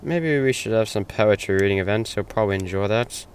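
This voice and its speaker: A man's voice: lowish voice, a little fast, slight background noise, close to an everyday voice. A man playing an earnest, unsure young junior innkeeper in an audio drama, talking in a hesitant, rambling way full of ums and restarts. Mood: puzzled. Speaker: stand-in host. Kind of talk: hobby audio drama monologue.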